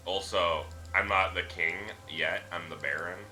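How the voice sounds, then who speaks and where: A man's voice: sits low, steady tone, a little slow, bright, forceful tone, faint music behind. A male streamer giving casual, offhand gameplay commentary and swearing freely. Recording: noisy home stream recording.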